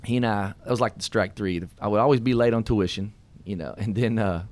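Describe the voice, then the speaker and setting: A man's voice: on the low side, fairly quick, a little mellow. A middle-aged man hosting a radio talk show, telling personal stories in a folksy way with laughs. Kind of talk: casual storytelling talk. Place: radio studio.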